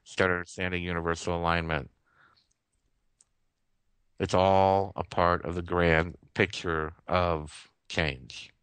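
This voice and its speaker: A man with a fairly low voice delivers an impassioned spiritual monologue on talk radio, earnest and heartfelt. He circles back on phrases to press his point. The sound is dry and close, with no room around it. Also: little pitch movement, takes it slowly, long pauses, a bit bright, clear, resonant tone, no echo. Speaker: radio show host.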